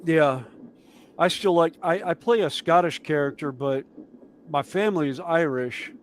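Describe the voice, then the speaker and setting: Man with a Southern US accent, rather high. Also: unhurried, a little hiss or hum. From southern United States. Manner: rambling, storytelling, relaxed. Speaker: stream host. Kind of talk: casual chat while building model kits.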